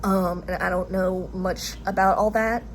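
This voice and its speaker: A woman with a Southern US accent and a fairly low voice vlogs directly to her own camera at a measured pace, her intonation fairly even. The casual monologue rambles with hesitations, restarts, and fillers, and there's slight background noise.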